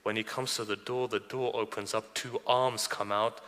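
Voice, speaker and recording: A man with a lower voice and a bright, forceful edge preaches to a gathering. He retells old traditions through quoted dialogue and keeps turning to the listeners with questions. A long hall reverb trails after his words. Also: fairly even intonation, normal speed, few pauses. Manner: addresses listeners directly with questions. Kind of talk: sermon storytelling.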